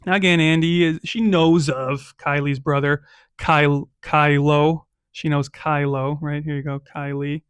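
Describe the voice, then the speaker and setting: A man's voice: on the high side, flat delivery, a little slow, fairly bright tone, clean tone, dry recording. A man narrating a solo tabletop game as game master, casual and chatty, often checking in with "right?".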